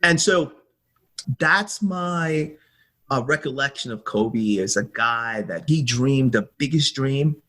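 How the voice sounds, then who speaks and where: A middle-aged man, a guest in an interview, telling stories in an animated way and acting out the exchanges he quotes. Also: medium pitch, slow pace. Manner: animated storyteller who acts out quoted exchanges. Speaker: guest, former basketball team staffer. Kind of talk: storytelling interview answer.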